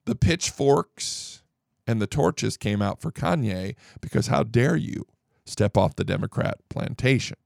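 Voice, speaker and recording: A man hosting a political podcast, combative and sarcastic, swinging between loud outbursts and low muttered asides into a close mic. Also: vocal fry, no room sound. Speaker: podcast host. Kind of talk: opinionated political commentary.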